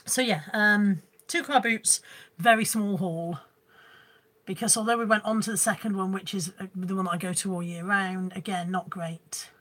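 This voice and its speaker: At home with her phone camera, a live-stream reseller host chats with her viewers in a medium-pitched, steady, fairly bright voice at a moderate pace. She reads out their comments and rambles a little in a scattered way.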